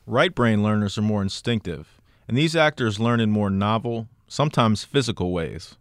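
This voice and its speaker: A man reporting and narrating a scripted radio news feature in a measured, even way. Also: lowish voice, no room sound, studio quality. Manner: measured, even storytelling delivery.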